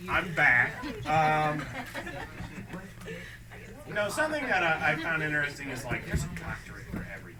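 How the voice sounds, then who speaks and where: A young man doing stand-up comedy, telling stories in a deadpan way and acting out both sides of each exchange. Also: a little high, normal speed, long pauses, very noisy. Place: small theatre stage. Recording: distant mic with audience laughter.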